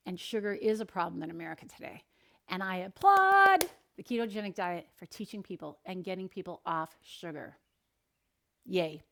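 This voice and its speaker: Sharing anecdotes from the people she has counseled, this middle-aged nutritionist speaks in an upbeat, animated way meant to encourage. She has a medium-pitched voice.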